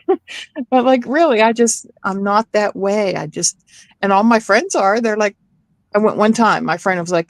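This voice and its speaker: A middle-aged woman chats casually and tells animated stories, acting out each voice she quotes. Her pitch sits in an ordinary middle range. The recording is dry and close. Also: normal speed, dry recording. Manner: animated storyteller, acts out quotes. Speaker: chat participant. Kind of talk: casual chat.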